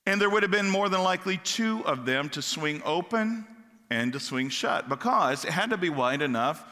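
Man, conversational Bible teaching, bright tone, large echoing hall. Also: fairly high pitch, animated, normal speed. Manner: casual, joking, stumbles over words.

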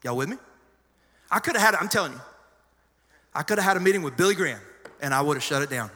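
High-pitched, sharp-voiced preacher man. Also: expressive, quick pace. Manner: conversational storytelling with sudden loud emphasis. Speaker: pastor. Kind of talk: sermon. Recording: long hall reverb.

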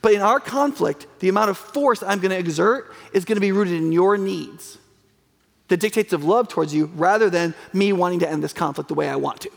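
A man's voice: sits high, fairly quick, gravelly. A man preaching a sermon in a casual, conversational way, asking rhetorical questions and acting out the people he quotes. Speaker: pastor. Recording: long reverb of a large hall.

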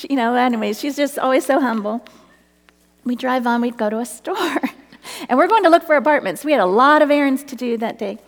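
A woman's voice: high-pitched, fairly quick, in a large hall. A middle-aged woman telling a personal faith story, earnest and often breaking into laughter.

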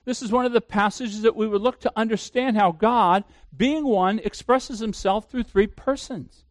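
A man's voice: sits high, moderate pace, no echo, clean studio sound. A man preaching a sermon as pastor, emphatic, asking the listeners questions and answering them himself.

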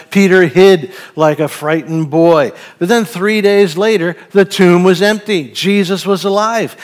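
A man preaching a sermon, reading a Bible passage and then reflecting on it in an earnest, thoughtful way. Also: a little high.

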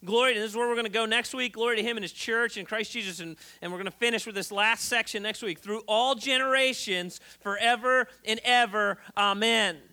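A man's voice: sits high, fairly even intonation, fast talker, few pauses, bright, forceful tone. A male pastor giving a conversational sermon, telling stories with many fillers and restarts.

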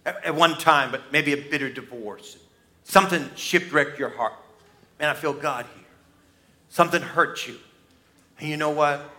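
Forceful, dramatic preaching man. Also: fairly high pitch, normal speed, pauses often. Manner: dramatic storytelling, swinging between loud outbursts and hushed asides; acts out quoted voices. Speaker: pastor. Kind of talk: Easter sermon.

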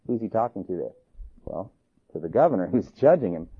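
A man's voice: mid-range voice, fairly quick, breathy edge. A man teaching a church history class, reading old accounts aloud and acting out the dialogue in them. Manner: animated, reads quotes aloud and acts out dialogue. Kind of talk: classroom lecture. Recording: tinny phone-like lecture recording.

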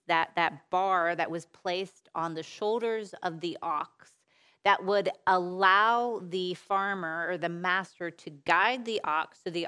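A woman giving a sermon-style Bible talk in an earnest way, repeating phrases for emphasis, asking rhetorical questions and letting her sentences trail off softly. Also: fairly low pitch, clean tone. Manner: unhurried, with soft trailing phrase endings. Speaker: speaker at a women's Bible teaching session.

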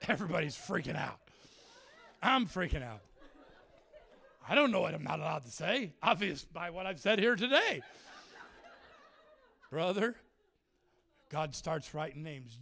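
A middle-aged man preaching a sermon, telling a story in an animated way, often shouting and breaking into laughter. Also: fairly high pitch, measured pace, creaky, pauses often.

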